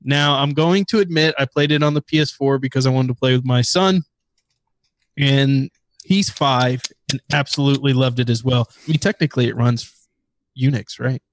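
A man's voice: mid-range voice, normal speed, dry recording. A man co-hosting a podcast, chatting casually and enthusiastically about games he recommends. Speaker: podcast co-host. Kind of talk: casual gaming chat.

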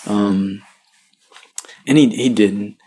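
A man with a somewhat low voice tells his own story in a relaxed, candid way. He is self-deprecating, chuckles easily and leans on fillers as he goes. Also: very slow, husky. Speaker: priest telling his vocation story.

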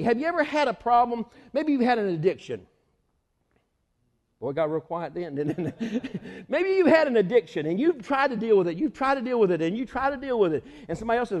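Animated male preacher, high and lively voice, long hall reverb. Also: fairly quick. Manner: animated, acts out the story's voices with laughter. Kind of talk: sermon.

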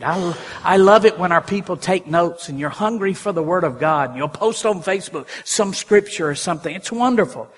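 A high-pitched man preaches a lively sermon, swinging between soft asides and loud, animated exclamations. His voice rings with the long reverb of a church hall. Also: husky. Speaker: pastor. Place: church sanctuary.

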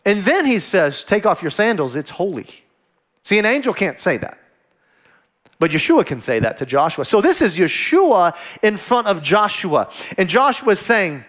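Male pastor, sermon delivery, high and very animated, acts out the voices in his scripture stories. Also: normal speed. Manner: animated preaching, acts out quoted dialogue.

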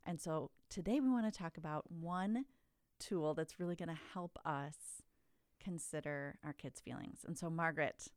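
A woman's voice: low-pitched, normal speed, no room sound, clean studio sound. A woman hosting a podcast, guiding the casual conversation and introducing topics. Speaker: podcast host.

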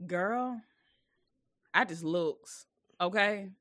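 A woman's voice: medium pitch, drawn-out words, bright, forceful tone, no room sound, clean studio sound. A young woman co-hosting a comedy podcast in casual chat, joking and mimicking older relatives. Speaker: podcast co-host.

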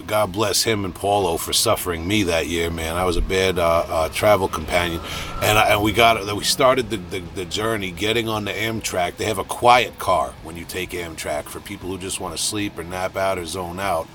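A middle-aged man with a deep, booming voice, telling a rambling, self-deprecating story in a casual podcast monologue. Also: fairly even intonation, normal speed, a bit bright. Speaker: podcast host.

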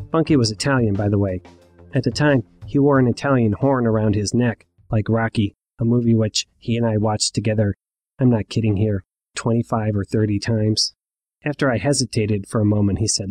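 A man's voice: lowish voice, a little fast, darkish tone, dry recording, soft background music. A middle-aged man telling a personal story in a wry, conversational way with asides to the listener.

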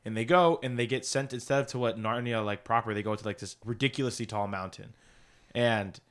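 A man's voice: mid-range voice, fairly quick. A man co-hosting a podcast, retelling a story in a rambling, laugh-filled casual chat with many restarts. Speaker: podcast co-host.

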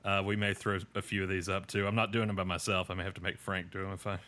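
A man hosting a podcast and walking through an episode recap in a loose, rambling way. He pokes fun at himself as he goes. His voice has a bright, forward edge. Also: deep voice, little pitch movement, fast talker. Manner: rambling, self-deprecating, with many fillers and restarts. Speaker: podcast host. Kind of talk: casual episode recap chat.

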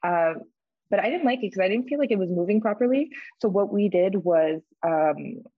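A young woman on a podcast, telling a story in a chatty way, full of fillers and lively quoted voices. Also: medium pitch, normal speed, narrow, tinny audio, slight background noise. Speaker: podcast co-host. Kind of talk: casual storytelling.

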